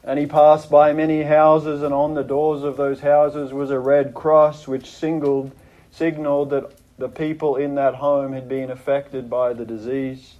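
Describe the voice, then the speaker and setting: A pastor tells a story in his sermon a little slowly and with a flat delivery, yet he earnestly dramatizes it, lowering his voice and then raising it in quoted prayers. High frequencies are missing from the audio.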